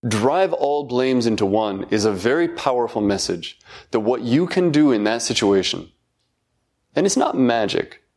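Middle-aged guy, lowish voice, reflective talk, halting and thoughtful, laughs at himself. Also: a little mellow. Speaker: dharma talk speaker.

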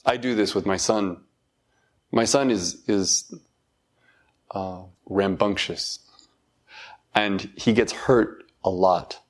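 A middle-aged man giving a reflective talk, thoughtful and halting, with self-deprecating laughs. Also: sits low. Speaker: dharma talk speaker.

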